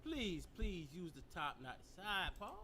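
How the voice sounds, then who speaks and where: A man's voice: high voice, sing-song, unhurried, pushed and bright. A man delivering a mocking comedic advice rant in a played clip, slangy and teasing, repeating himself for emphasis.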